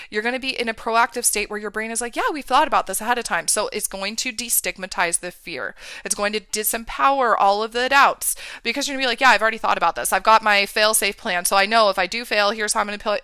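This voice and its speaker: Woman coach hyping up her listeners, smooth clear voice, dead dry sound, lots of "right?". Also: medium pitch, pushed and bright, dry recording. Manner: emphatic, keeps checking in with "right?" and "okay". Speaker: mindset and business coach for women. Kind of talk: motivational talk to listeners.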